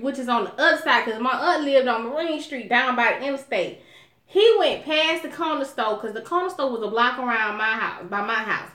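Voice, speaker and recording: A woman with an Alabama accent tells a story in a lively, profane way and calls her viewers "y'all." Her voice sits fairly high. The room is echoey. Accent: Southern US, Alabama. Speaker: vlogger. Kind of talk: casual storytelling vlog.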